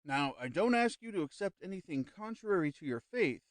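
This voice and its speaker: Man reading a smooth, calm spirit medium. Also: high-pitched, no room sound, pitched above the performer's own voice. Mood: persuasive. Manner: slow, smooth, quiet, reassuring. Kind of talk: audiobook character reading.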